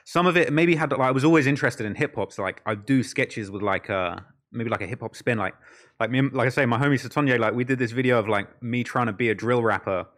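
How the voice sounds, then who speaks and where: A man's voice: medium pitch, fast, a bit bright. A young British man from the UK, a YouTube creator chatting casually as a podcast guest, slangy and full of fillers. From United Kingdom. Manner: slangy, lots of fillers like "like" and "bro".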